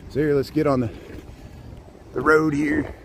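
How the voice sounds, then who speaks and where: A man's voice: fairly high pitch, flat delivery, measured pace, vocal fry, poor audio. A man live-streaming while he rides a bike outdoors by a lake, chatting to viewers by name and slightly out of breath. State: out of breath from cycling. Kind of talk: live-streamed city tour. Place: outdoors by a lakefront, riding a bike. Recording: outdoor wind noise on the mic. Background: wind noise.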